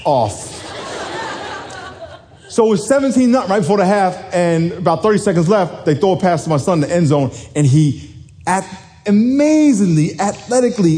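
A man in his forties, a little hoarse, telling a lively football story to a congregation, dropping low then shouting high. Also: slight background noise. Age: 40s. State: hoarse from yelling. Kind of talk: animated storytelling sermon.

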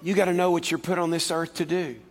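Brief: male preacher, high gravelly voice, storytelling sermon, long hall reverb. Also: fast talker. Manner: animated, building to loud exhortation.

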